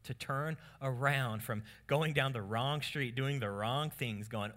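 A male pastor delivers a sermon with a bright, forward tone. He preaches in an animated way and slips into quick voices for the lines he quotes. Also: medium pitch.

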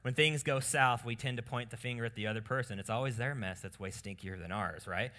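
A male pastor delivers a sermon with a bright, forward tone. He preaches in an animated way and slips into quick voices for the lines he quotes. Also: mid-range voice.

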